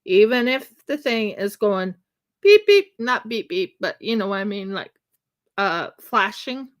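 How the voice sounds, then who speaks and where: During a livestream from her home craft room, a woman from the United States talks at a measured pace in a mid-range voice. She's chatty and lively, recounting a funny story and acting out the lines.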